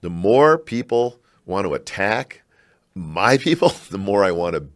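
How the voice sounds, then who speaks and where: A middle-aged man from Chicago, a scholar talking in a podcast interview, reflective and halting with animated bursts. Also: low voice. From Chicago, United States. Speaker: guest, scholar and university provost.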